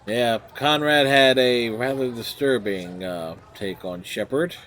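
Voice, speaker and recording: A man's voice: mid-range voice, slow, fairly bright tone. Man joking through a game stream. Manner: wry asides. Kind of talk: let's-play commentary.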